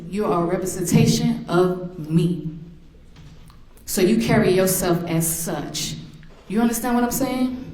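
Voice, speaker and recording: A woman's voice: mid-range voice, darkish tone. A woman, the victim's mother, giving an emotional victim impact statement in a courtroom, telling memories and acting out remembered voices. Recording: echoey courtroom.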